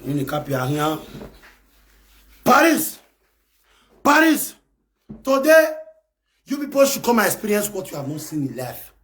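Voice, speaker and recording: A man with a Nigerian accent ranting on a live stream, shouting, scolding and taunting. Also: on the high side, sing-song, fast talker. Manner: shouting, scolding and taunting in Pidgin-laced English. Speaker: live video host. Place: abroad in France.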